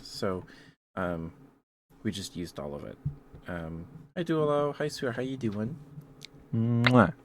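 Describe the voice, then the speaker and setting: A young man, an ASMR streamer, rambling softly to his chat with frequent ums and small kisses. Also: low voice, slight background noise. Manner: rambling, greets chat viewers with kisses, hesitant fillers.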